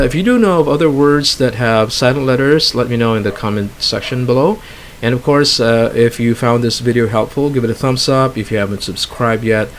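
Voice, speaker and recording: A man working as a trainer, giving a casual online English pronunciation lesson and explaining with relaxed fillers and asides. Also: mid-range voice. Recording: faint hiss.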